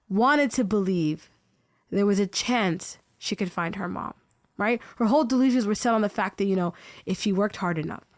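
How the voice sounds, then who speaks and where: A woman's voice: mid-range voice, dry recording, clean studio sound. A woman hosting a podcast, telling a true story in an earnest, conversational way and often asking "right?". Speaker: podcast host and narrator.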